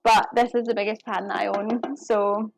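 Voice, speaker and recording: In a creaky, medium-pitched voice with flat delivery at normal speed, a woman casually talks to viewers as she cooks on a live stream in her home kitchen. No room sound is audible.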